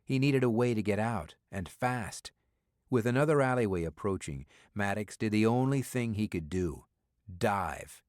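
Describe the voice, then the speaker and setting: Guy reading a spy thriller audiobook, lowish voice, steady and even, dry close sound. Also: no room sound. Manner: steady, measured storytelling. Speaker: audiobook narrator. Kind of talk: scripted thriller narration.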